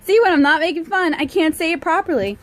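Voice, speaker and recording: A woman's voice: extremely high pitch, quick pace, low-quality recording. Chatty self-mocking woman vlogger. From southern Louisiana. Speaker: art vlogger. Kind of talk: casual unboxing vlog. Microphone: cell phone held in hand.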